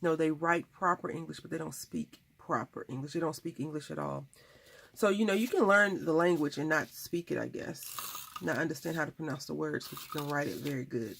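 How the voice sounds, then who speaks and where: A US craft host talks casually while working, rambling from story to story. Her low voice is brisk and creaky yet fairly bright in tone, with slight background noise.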